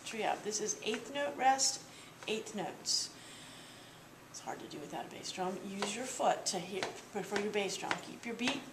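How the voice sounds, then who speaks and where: A woman's voice: medium pitch, expressive, measured pace, far from the mic, background noise. A woman teaching a percussion lesson, explaining patiently step by step with small fillers. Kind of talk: instructional demonstration. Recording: echoey room, voice off-mic, with drumming.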